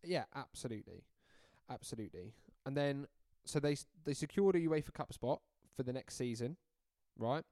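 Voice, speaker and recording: A man co-hosting a podcast, talking football in a relaxed, teasing way. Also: mid-range voice, moderate pace, no room sound. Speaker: podcast co-host. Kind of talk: casual football chat.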